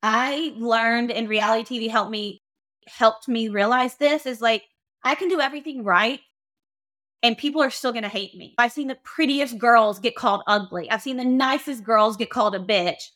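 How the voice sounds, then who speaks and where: A woman's voice: on the high side, normal speed, a bit bright. A woman hosting a podcast, talking frankly and bluntly, swearing freely. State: emotional. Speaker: podcast host. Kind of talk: casual podcast monologue.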